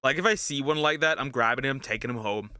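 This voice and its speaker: Bright, crude young male streamer. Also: medium pitch, fast, smooth, no room sound. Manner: crude, joking, restarts, bursts of yelling. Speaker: streamer reacting to clips. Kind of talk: casual reaction commentary.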